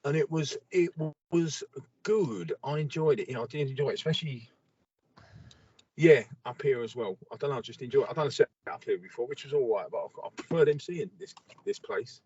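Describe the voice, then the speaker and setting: A comedian from England co-hosting a podcast over a video call, with laid-back, sweary banter. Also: male voice, mid-range voice, a little fast, mellow, breathy edge, no room sound. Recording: muffled, dry call audio.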